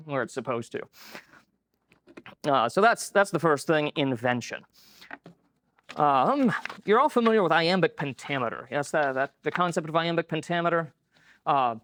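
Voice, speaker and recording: A man's voice: fairly high pitch, a bit bright, no echo. A man giving a conference lecture in a conversational way, with many filler words. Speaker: conference speaker. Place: lecture room.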